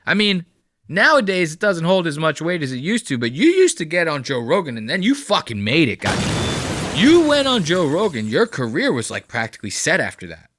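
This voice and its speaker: A man's voice: on the high side, wildly swooping pitch, normal speed, a bit bright, slight background noise. A man hosting a podcast, giving a mocking, profane reaction commentary on clips. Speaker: podcast host.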